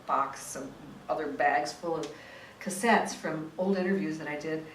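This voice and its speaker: Woman author, low voice, roomy room, distant mic, faint hiss. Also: moderate pace. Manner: vivid, dramatic reading; chatty, restarting in talk. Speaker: author and former tabloid reporter. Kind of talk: reading from her memoir, then interview chat.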